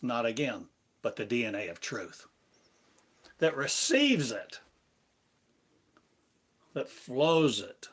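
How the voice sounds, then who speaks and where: A man giving a meditative spiritual lesson, speaking in slow, repetitive, incantatory phrases. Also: mid-range voice. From United States. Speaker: spiritual teacher.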